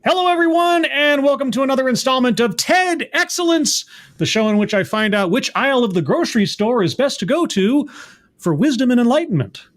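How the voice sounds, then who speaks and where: Male host, high voice, very lively pitch, playful, greeting viewers. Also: a little fast. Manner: upbeat, playful, reading out viewer names. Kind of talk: casual chat.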